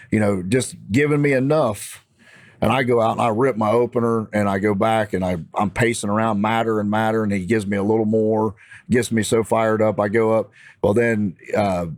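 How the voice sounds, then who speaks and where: A man's voice: on the low side, no room sound, clean studio sound. Fired-up Midwestern man telling stories. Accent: Midwestern American. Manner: animated, fired-up storytelling. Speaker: podcast guest. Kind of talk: casual storytelling.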